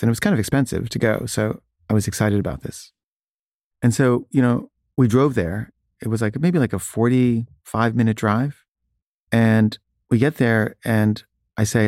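A man with a fairly low, darkish voice and fairly even intonation casually tells a personal story at normal speed, full of filler words. The recording is studio quality with no room sound.

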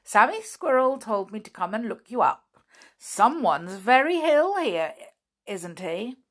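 A brisk, pompous little male animal doctor, high-pitched and loud, bossy and gleefully grave, as a woman puts him on. He swoops up and down with lively inflection in a storybook reading, clear and close. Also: full character voice. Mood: brisk, mock-grave.

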